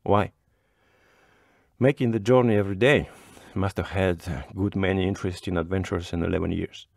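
A man's voice: sits low, fairly even intonation, normal speed, vocal fry, darkish tone, no echo, clean studio sound. A man reading a story aloud voices a cheerful, curious young student who makes friendly small talk. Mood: good-humored. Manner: good-humored and chatty.

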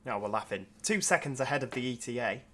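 A man's voice: medium pitch, expressive, fast, bright, forceful tone. A tired man, rambling casually in gameplay commentary and making self-deprecating asides. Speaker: train sim video host.

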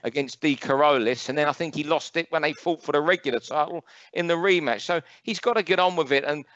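A man's voice: a little high, a bit bright, lo-fi sound. London man ranting about boxing. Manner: opinionated, ranting, rapid fact-listing. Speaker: boxing pundit co-host. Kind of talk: casual podcast chat.

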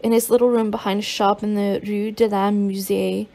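A woman's voice: medium pitch, little pitch movement, moderate pace, creaky, warm tone. A woman narrating a memoir as an audiobook, with occasional stumbles and restarts.

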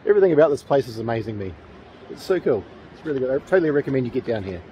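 A man's voice: mid-range voice, sing-song, rapid-fire, mellow, dull audio, slight background noise. A man with a New Zealand accent, vlogging outdoors near a railway tunnel in a chatty, enthusiastic, rambling way, with plenty of fillers. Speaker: paranormal vlogger. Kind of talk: casual outdoor vlog.

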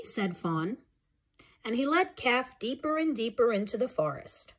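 A woman reading a children's picture book aloud in a gentle, expressive way. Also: on the low side, measured pace. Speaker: storybook reader.

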